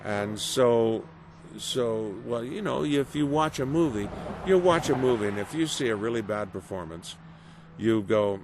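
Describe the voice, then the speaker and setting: A middle-aged man giving a casual interview as a voice actor, animated and storytelling, acting out quoted reactions. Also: medium pitch, moderate pace, gravelly. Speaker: voice actor guest. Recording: noisy background.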